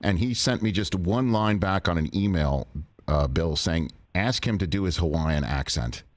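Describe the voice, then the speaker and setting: A man's voice: sits low, moderate pace. A man hosting a talk show, chatting with a guest and telling anecdotes of his own. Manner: chatty, easily amused, tells anecdotes. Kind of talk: casual interview chat.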